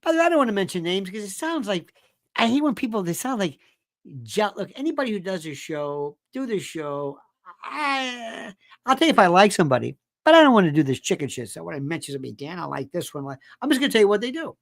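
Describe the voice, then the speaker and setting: A man's voice: sits high, big pitch swings, fast talker, no room sound, studio quality. Emphatic ranting male talk host. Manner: emphatic, repetitive, sarcastic. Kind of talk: ranting political commentary.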